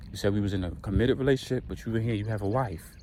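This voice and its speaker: A man's voice: lowish voice, rapid-fire, darkish tone, a little hiss or hum, lightly acted. A man voicing a betrayed young man who confronts the lover who lied to him. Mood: furious. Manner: cursing, confrontational.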